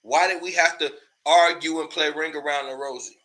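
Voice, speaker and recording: A man's voice: fairly high pitch, steady tone, normal speed, bright, forceful tone. A man hosting a casual commentary show, ranting in a loose, profane way, laughing often and repeating words when worked up.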